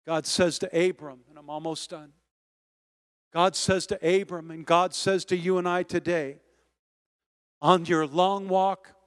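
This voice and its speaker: Male pastor, sermon delivery, builds from soft storytelling to loud rallying calls, dry close mic. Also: sits high, no room sound. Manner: preaching that swells from quiet storytelling to loud exhortation. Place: church sanctuary.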